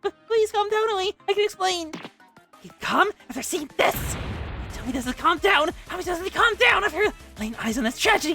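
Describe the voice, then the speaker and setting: A woman's voice: extremely high pitch, fairly bright tone, voice pushed up, heavily acted. A woman voicing a timid young female librarian who speaks in a hesitant, mumbling voice. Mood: frantic.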